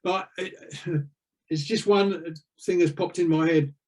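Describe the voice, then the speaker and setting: A man's voice: on the high side, fairly even intonation, a little slow, darkish tone. An older man, a retired navy veteran, telling rambling anecdotes with lots of fillers in an interview. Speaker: interview guest. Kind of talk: casual storytelling.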